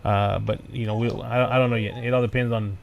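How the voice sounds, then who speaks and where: Fast-talking man, rambling. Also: mid-range voice, little pitch movement, gravelly, a crowd in the background. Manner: rambling, switches between English and Spanish. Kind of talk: casual radio chat.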